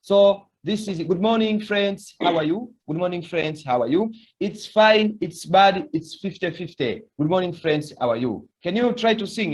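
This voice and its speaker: A man teaching a beginner language lesson, patiently repeating words for students to echo. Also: high-pitched. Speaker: French teacher.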